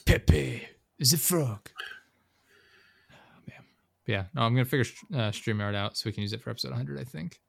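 A man's voice: medium pitch, creaky, a bit bright, no echo, studio quality. A young man hosting a podcast in casual chat, loose and profane, wrapping up the episode. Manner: loose and profane, retelling scenes with quick impressions. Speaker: podcast host.

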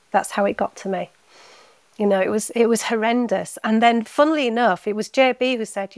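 A woman guest on a podcast, telling a personal story in a heartfelt, halting way, often repeating words. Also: fairly high pitch, dry recording. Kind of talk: emotional personal story in casual chat.

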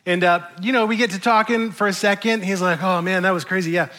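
A middle-aged male pastor preaching a sermon in a conversational, animated way, acting out quotes. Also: high-pitched, fast talker.

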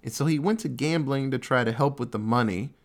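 Guy rambling thru a movie recap, swears a lot, average pitch. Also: a little fast. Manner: rambling, profane, storytelling. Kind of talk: casual movie recap chat.

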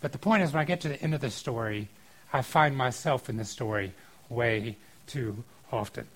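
A man preaching a casual sermon on a scripture passage, informal and animated, breaking into acted-out quotes. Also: medium pitch, moderate pace, breathy edge, low-quality recording. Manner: informal and animated, acting out quotes with filler likes.

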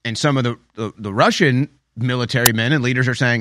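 A man's voice: medium pitch, brisk, few pauses, fairly bright tone, no echo. A man delivering a political commentary monologue in a mid-range voice. He talks emphatically and sarcastically, often repeating phrases for effect. It is recorded close and dry, with no room sound.

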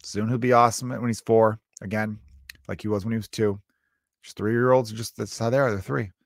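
A man's voice: lowish voice, steady tone, fairly quick, vocal fry, no echo, clean studio sound. A man in his thirties and a father of two, talking casually and comically, acting out scenes with his kids and swearing freely. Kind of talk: casual comedic monologue.

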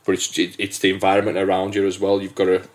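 Male podcast host, lowish voice, hesitant storyteller, casual chat. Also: completely flat delivery, quick pace. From England. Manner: hesitant, many restarts and fillers.

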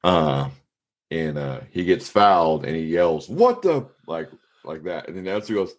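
On a casual podcast, a man with a very low, deep voice talks sports with a co-host at a normal speed. He rambles and relies on fillers, but livens up when retelling a moment from a game.

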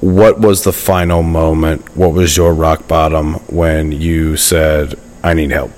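Podcast host, male, very low voice, short affirmations, probing questions. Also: flat delivery, takes it slowly, a little mellow. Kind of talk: interviewing.

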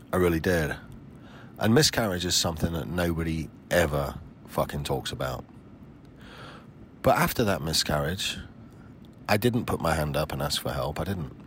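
A man's voice: extremely low pitch, moderate pace, long pauses, slight background noise. A man in his forties hosting a solo podcast, talking in a blunt, emphatic way with frequent swearing. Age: 40s. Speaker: podcast host.

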